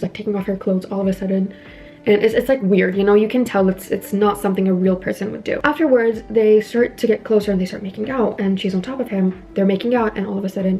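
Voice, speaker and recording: Young woman vlogger, warm soft tone, gossipy recap with light music behind. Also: medium pitch. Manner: chatty, retelling scenes with quoted lines. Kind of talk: casual movie recap while doing makeup.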